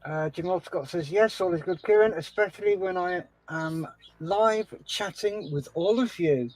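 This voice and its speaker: A man's voice: high-pitched, a little slow, a little mellow. A man co-hosting a casual livestream, cheerfully reading out chat comments and chatting with his guest. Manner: cheerful, reads chat comments aloud with laughs. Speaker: co-host reading live chat.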